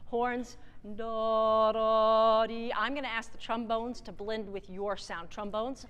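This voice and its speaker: A woman conductor coaching a student wind band from the podium, her fairly high voice carrying a long theatre reverb. She is direct and encouraging and sings short phrases to show how the music should go. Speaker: guest conductor. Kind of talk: wind band rehearsal clinic. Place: large theatre stage.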